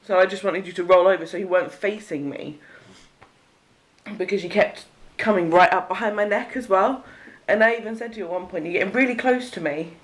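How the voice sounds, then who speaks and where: A woman's voice: mid-range voice, brisk. A young woman from Cheshire chatting casually on a vlog, telling a story with frequent giggles. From Cheshire, England. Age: young adult. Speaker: vlogger. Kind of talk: casual chat.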